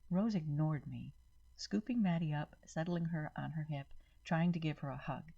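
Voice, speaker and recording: Low husky woman narrating a story. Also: normal speed, muffled recording. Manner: steady first-person reading.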